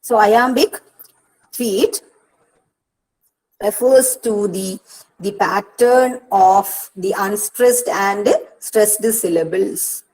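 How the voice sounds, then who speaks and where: An Indian English-accented woman goes through poetry step by step in an online counselling lecture, slowly and deliberately, repeating herself and often saying "see". She has a mid-range, darkish voice, captured in a low-quality recording.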